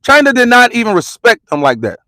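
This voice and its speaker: A man from the United States with a very high voice rants in a heated street vlog, hammering the same slangy lines again and again. His voice is close and dry on a phone mic, with no room sound. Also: huge pitch swings, fairly quick, bright, forceful tone, no echo. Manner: repetitive, slangy, confrontational ranting. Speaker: vlogger and commentator. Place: parked car.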